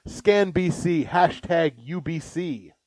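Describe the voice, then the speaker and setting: A man co-hosting a podcast, chatting casually and reading out police scanner posts slowly, laughing often. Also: fairly high pitch, darkish tone, no echo. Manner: laughs often, reads items slowly and deliberately. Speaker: podcast co-host.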